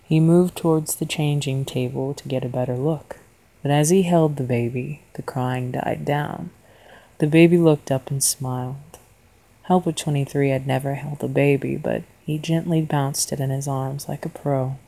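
A woman narrating a horror story in a quiet, deliberate manner. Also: a bass voice, steady tone, creaky, rough recording.

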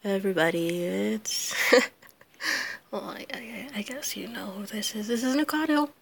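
Woman, sick and hoarse, half-whispered voice, slow halting speech, apologetic, nervous laughs, casual solo recording. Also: mid-range voice, fairly bright tone. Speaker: audio creator answering a questionnaire.

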